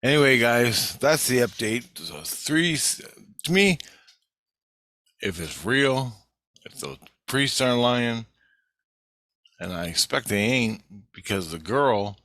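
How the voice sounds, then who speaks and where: A man's voice: mid-range voice, very animated, slow, pauses often, sharp tone, no room sound. A man giving a rambling, profane spiritual video update in an agitated way. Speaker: vlogger.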